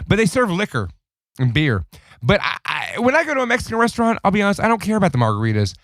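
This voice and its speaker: A man's voice: high voice, wildly swooping pitch, quick pace, a bit bright, no room sound, clean studio sound. A drunk man co-hosting a podcast, rowdy and profane, cutting in often. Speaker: podcast co-host. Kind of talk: casual drunk banter.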